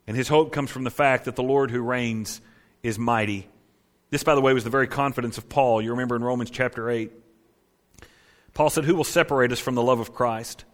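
A man preaching a sermon, reading scripture aloud and swinging between quiet, hushed lines and loud, emphatic ones. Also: mid-range voice, fairly even intonation, a little fast. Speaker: pastor.

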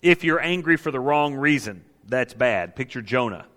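A man's voice: medium pitch, expressive, normal speed, fairly bright tone. A man preaching a sermon on counseling, emphatic and repeating his key phrases for weight. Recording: long reverb of a large hall.

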